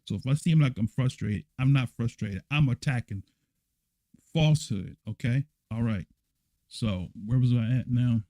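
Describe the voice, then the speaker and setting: Man, church elder, livestream lesson, emphatic, blunt, repetitive, mid-pitched voice, dry close sound. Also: normal speed, warm tone, dry recording. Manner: emphatic and blunt, repeats himself and keeps asking "right?". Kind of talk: livestreamed scripture lesson, answering viewer comments.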